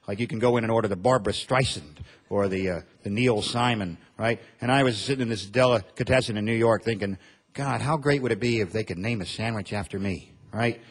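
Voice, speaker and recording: A man from Montana performing a stand-up comedy set on stage, with a deadpan, drawling delivery. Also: on the low side, fairly quick, breathy edge. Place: comedy stage before an audience.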